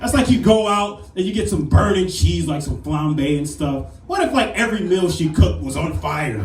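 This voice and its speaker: A man in his thirties works a club crowd with a brash, animated stand-up set. His voice sits high and bounces widely in pitch. The sound is roomy and a little distant, like a live club recording. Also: normal speed, soft background music. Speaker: stand-up comedian. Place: comedy club stage. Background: audience laughter.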